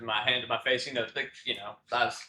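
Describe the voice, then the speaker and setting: A man's voice: mid-range voice, level tone, quick pace, bright, forceful tone. A teenage boy co-hosting a casual podcast, rambling with many fillers and restarts and laughing often. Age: teens. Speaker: podcast co-host. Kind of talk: casual chat. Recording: echoey room with faint noise.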